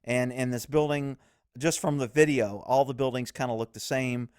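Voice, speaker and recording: A man's voice: mid-range voice, fairly even intonation, moderate pace, a little mellow, clean tone, dry recording, studio quality. A man giving blunt, profane casual commentary on police footage. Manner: blunt, profane, laughs easily.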